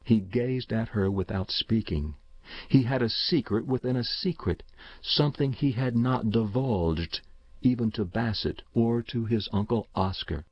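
Husky male audiobook narrator. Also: on the low side, measured pace, no echo. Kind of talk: audiobook reading. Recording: dull, dry recording.

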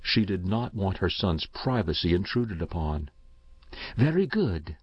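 A man reading a story aloud as narrator in a measured, steady way. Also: deep voice, slightly rough, dry recording. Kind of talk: audiobook reading. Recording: slightly dull dry recording.

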